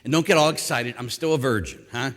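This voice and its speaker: A man's voice: mid-range voice, fast, fairly bright tone. A man in his fifties from Pittsburgh, a priest giving a conference talk on confession, telling stories with self-deprecating humor and acted asides. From Pittsburgh, USA. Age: 50s. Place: conference hall. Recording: long reverb in a large hall.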